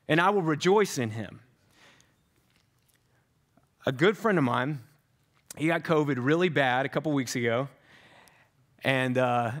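A man's voice: fairly high pitch, fairly bright tone. A man preaching a sermon as pastor, talking conversationally with many fillers and restarts.

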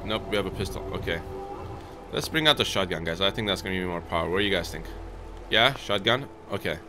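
A man's voice: low-pitched, animated, quick pace, background noise. A man giving casual gameplay commentary, chatting to his viewers and yelping when startled. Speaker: let's play host. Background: game music and sounds.

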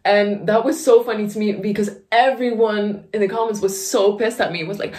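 A woman's voice: medium pitch, fairly even intonation, moderate pace, hardly any pauses. Young female vlogger, offhand and sarcastic, swears freely. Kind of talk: casual reaction commentary.

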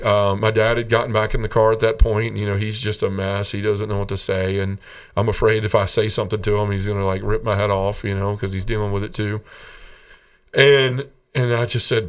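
A man's voice: lowish voice, level tone, brisk, clear, resonant tone, distant mic. Earnest man telling his story. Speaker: podcast guest. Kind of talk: personal testimony in an interview.

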